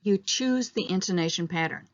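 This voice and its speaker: A woman teaching an English pronunciation lesson, explaining slowly and modeling example questions aloud. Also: lowish voice, highs cut off.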